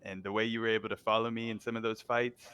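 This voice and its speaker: Roleplay gang member, male, slangy hype man, slightly low voice. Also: level tone, fast talker, a bit bright, clear, resonant tone. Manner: slangy, hyping others up. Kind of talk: in-character roleplay chat.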